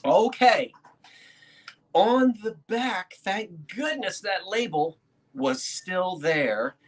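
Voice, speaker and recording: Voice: mid-range voice, animated, drawn-out words. An antiques reseller, chatting casually to a live chat while showing a painting, rambling and laughing often as they build suspense. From South Jersey, USA. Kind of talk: casual show-and-tell talk to a live chat. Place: indoors at a desk with a laptop.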